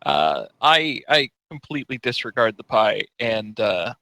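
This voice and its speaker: A man's voice: on the low side, sing-song, unhurried, pushed and bright, dry recording, low-quality recording. A man playing his character in a tabletop game, casual and hesitant. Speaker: player.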